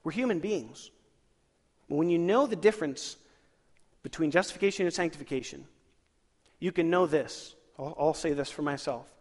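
A man preaching in a church sanctuary with a fairly high voice that carries a long hall reverb. He keeps it lively, throwing questions at the congregation and chuckling between points. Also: normal speed, pauses often. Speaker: pastor. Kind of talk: sermon.

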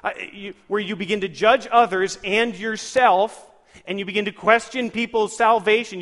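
A pastor with a fairly high male voice preaches a sermon in a church sanctuary, the sound trailing a long hall reverb. Speaking at a normal pace, he stays lively, firing questions at the congregation and chuckling between points.

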